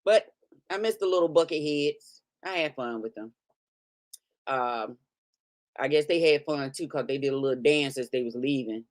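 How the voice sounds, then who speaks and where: A woman's voice: rumbling low, moderate pace. Laughing middle-aged woman chatting over food. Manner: laughing often, loose and joking. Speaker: mukbang vlogger. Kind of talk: casual chat while eating.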